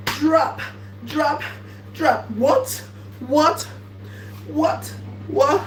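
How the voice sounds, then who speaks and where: A woman in a drawn-out, repetitive, mock-wailing comedy riff, half singing her lines. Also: high-pitched, animated. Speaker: comedic content creator. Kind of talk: improvised sing-song comedy riff. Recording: echoey room, far from mic, faint hum.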